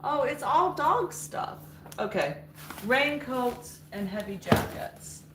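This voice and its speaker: Slow-talking woman live-streaming from home. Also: high-pitched, sing-song, a bit bright, a little hiss or hum. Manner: chatty, talks to viewers while sorting and moving things. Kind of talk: casual live-stream chat while tidying. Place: house interior, moving between rooms.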